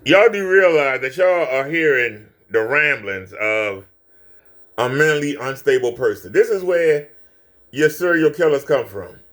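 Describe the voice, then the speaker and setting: A man's voice: mid-range voice, expressive, a little slow, a bit bright. A man hosting a reaction video, ranting profanely with taunts and insults at someone in a clip. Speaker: channel host reacting to a clip.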